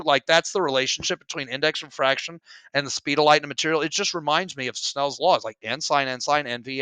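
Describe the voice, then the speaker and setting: Middle-aged male teacher at home, wry, complaining solo walkthrough, crisp clear tone. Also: medium pitch, bright, forceful tone, no echo. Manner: grumbling, self-deprecating, wry asides. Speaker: physics teacher working exam problems. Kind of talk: casual solo problem walkthrough. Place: home room.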